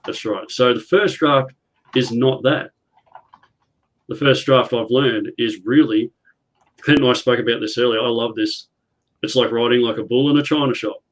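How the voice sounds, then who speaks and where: Man in a writers' panel, earnest explainer, mid-pitched voice, video call. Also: moderate pace, pauses often, rough recording. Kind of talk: casual video call chat.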